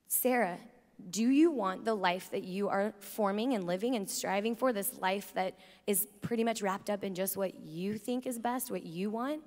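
A young woman speaking at a youth conference, telling stories in a chatty way with lots of "like" and "you know". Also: medium pitch. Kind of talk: energetic faith talk to a youth crowd. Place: large conference arena. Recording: long hall reverb from a large arena.

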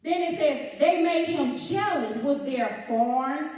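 A woman elder delivers a sermon, repeating her lines and throwing questions out to the congregation. Her voice sits high. She is picked up from a distance in a very echoey church hall, and the sound is muffled. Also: animated, measured pace, darkish tone.

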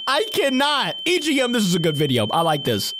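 A reaction video host giving excitable, chatty play-by-play in casual commentary, laughing often. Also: mid-range voice, a little fast, noisy background.

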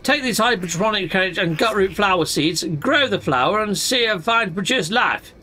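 A man reading aloud the lines of a solemn male farmer character from a space game, in grand, old-fashioned phrasing, with a lively, bright voice. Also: high-pitched, moderate pace, a little hiss or hum.

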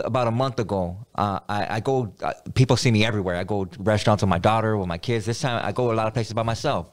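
A middle-aged man telling a story as a guest in a casual interview. His voice sits a bit low. He rambles, stumbles over repeated words and leans hard on street slang. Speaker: podcast guest.

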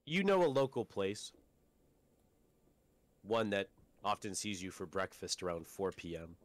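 A man narrates a tabletop game as its game master. His voice sits somewhat low, and he describes each scene in a calm, measured way.

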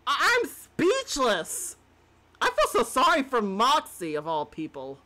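A woman's voice: high-pitched, big pitch swings, slow, sharp tone. A woman hosting a reaction video, gasping and exclaiming with sympathy as she watches. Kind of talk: casual reaction commentary.

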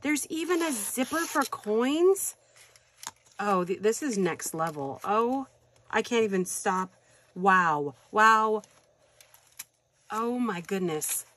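A woman vlogger chatting casually while unboxing happy mail, gushing and excitable, with frequent gasps and affectionate asides to viewers. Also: medium pitch, takes it slowly, long pauses, slight background noise. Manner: affectionate, calls viewers hon and you guys.

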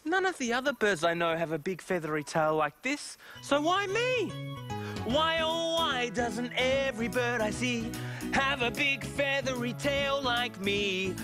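A woman voicing a shy young male peacock on a children's TV show, in a bright sing-song manner. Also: a little high, very animated, a little slow, over music. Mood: worried. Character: shy young male peacock, worried about his big tail. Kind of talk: children's TV storytelling.

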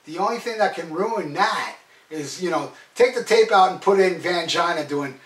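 High-voiced man mocking songs in an echoey room. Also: lively intonation, moderate pace. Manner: profane, mocking, sarcastic. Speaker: album reviewer. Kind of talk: casual review monologue. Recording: echoey room, mic at a distance.

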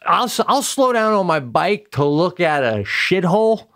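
A man's voice: sits high, moderate pace, no echo, clean studio sound. A man co-hosting a podcast, telling a profane comic story in casual chat. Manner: animated storyteller, profane, big swings into acted voices. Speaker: podcast co-host.

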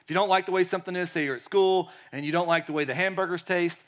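A man preaching a sermon in a lively way, acting out quotes and dropping to quiet tones. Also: high-pitched, fast talker. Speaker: pastor.

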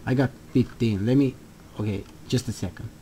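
A man hosting a let's play of a horror game, talking along excitedly, jumping at scares and swearing at them. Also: medium pitch, normal speed, slight background noise. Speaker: gaming channel host.

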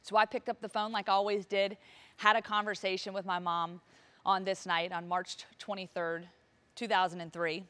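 A woman's voice: medium pitch, level tone, moderate pace, a bit bright, clean tone. Woman telling an emotional life story. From Virginia, US. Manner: emotional, vivid storytelling with acted-out dialogue. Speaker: motivational speaker. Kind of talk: personal story told on stage.

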